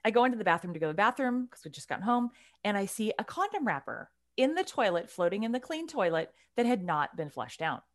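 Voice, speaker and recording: A woman in her forties tells a story in casual conversation. Her pitch swings widely as she talks, and she stays blunt and animated, dropping swear words and starting parts of the story over. Her voice sits in a middle register. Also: fast talker.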